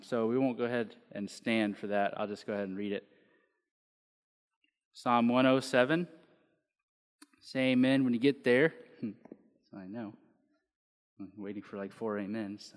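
A man's voice: mid-range voice, smooth. A man preaching casually to a congregation, joking in asides before reading a psalm aloud. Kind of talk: casual sermon with scripture reading. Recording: long hall reverb.

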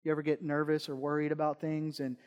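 A man preaching a sermon as pastor, swinging between emphatic, repeated points and quiet conversational asides. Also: on the high side, completely flat delivery, fast talker, clean tone, highs cut off. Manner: repeats key phrases for stress. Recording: long reverb in a large hall.

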